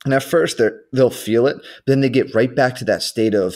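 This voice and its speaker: A man's voice: medium pitch, a little mellow. Rambling man in casual podcast chat. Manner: rambling, filler-heavy, quick asides. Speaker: podcast co-host.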